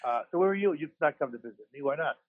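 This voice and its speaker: A man with a fairly high voice talks in an animated, racing way as he co-hosts a casual sports podcast from a hospital room after surgery. He rambles, jokes at his own expense and restarts a lot, and the tinny phone line has no room sound.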